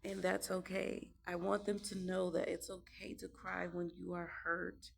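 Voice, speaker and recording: A woman's voice: on the low side, completely flat delivery, unhurried, vocal fry. A young mother talking about raising her children in a casual, emphatic monologue, repeating herself to drive points home.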